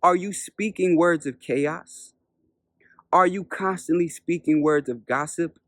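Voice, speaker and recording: A man who is a spiritual teacher, telling a parable as a lesson in an unhurried way, repeating points and asking rhetorical questions. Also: on the high side, fairly bright tone, no room sound, clean studio sound. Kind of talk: storytelling lesson.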